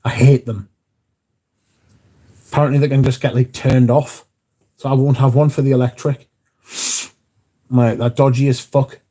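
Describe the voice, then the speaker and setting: A man runs a relaxed livestream, reading chat comments and swearing openly as he talks. His dark, medium-pitched voice barely moves in pitch, going at a moderate pace with long pauses.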